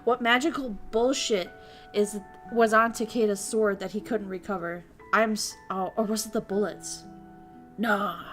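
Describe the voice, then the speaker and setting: A woman VTuber casually streaming a visual novel, reading it aloud with excitable, crude, giggly commentary. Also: mid-range voice, measured pace, soft background music. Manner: crude, excitable, laughs and swears often.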